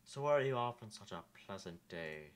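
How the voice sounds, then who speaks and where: A woman's voice: extremely low pitch, expressive, slight background noise. Woman putting on a nasal smug courtier. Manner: slow, drawling, nasal. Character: smug slippery male courtier, sly and nasal.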